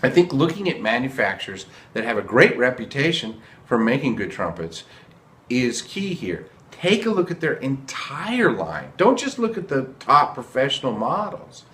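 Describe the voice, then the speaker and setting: A man's voice: mid-range voice, very animated, normal speed, fairly bright tone, roomy sound. Earnest man giving a trumpet tip. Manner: earnest, repeats for emphasis. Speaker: trumpet teacher. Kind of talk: casual video lesson.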